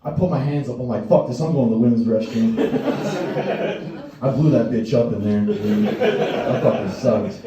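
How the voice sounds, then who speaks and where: A man's voice: mid-range voice, animated, unhurried, muffled recording, a crowd in the background. A young man doing a stand-up set, telling crude, profane stories and acting out the voices of people in them. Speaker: stand-up comedian. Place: comedy stage before a live audience. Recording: distant, roomy live stage sound.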